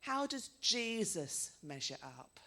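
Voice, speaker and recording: A woman's voice: medium pitch, very animated, takes it slowly, gravelly, sharp tone. A middle-aged woman preaching a sermon, telling stories in a chatty way and putting questions to her listeners.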